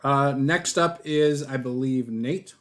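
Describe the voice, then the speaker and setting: A man hosting a tabletop game as game master, introducing players in a relaxed, joking way. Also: medium pitch, slow pace.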